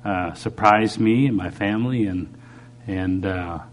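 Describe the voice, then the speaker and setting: A middle-aged man preacher giving a halting, earnest personal testimony during a sermon while recovering from a stroke. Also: lowish voice. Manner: earnest, halting, with frequent restarts.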